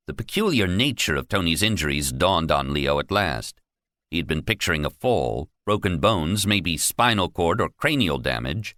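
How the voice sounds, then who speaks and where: A man narrating a science fiction audiobook with an animated, dramatic delivery. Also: low voice, moderate pace, no room sound, clean studio sound. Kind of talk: scripted narration.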